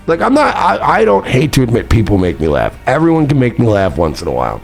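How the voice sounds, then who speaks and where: A man's voice: mid-range voice, big pitch swings, fast, gravelly, few pauses, faint music behind. A man streamer delivering heated, profane, repetitive commentary, ranting and reacting to clips. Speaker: streamer host.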